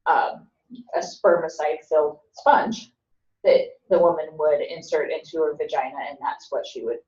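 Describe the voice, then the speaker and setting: A woman giving a relaxed classroom lecture, chatting and joking with her students. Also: low-pitched, normal speed. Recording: dull, roomy, from a distant mic.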